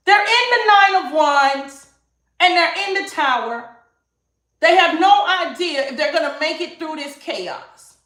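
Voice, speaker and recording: A woman's voice: high voice, fairly bright tone, echoey room. A woman giving a live-streamed tarot reading, emphatic and sassy, repeating phrases for emphasis. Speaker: tarot reader.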